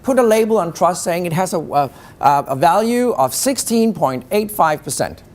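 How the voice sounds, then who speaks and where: A man's voice: sits high, lively intonation, moderate pace. A man giving a live talk on negotiation, teasing the audience with rhetorical questions. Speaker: keynote speaker on negotiation.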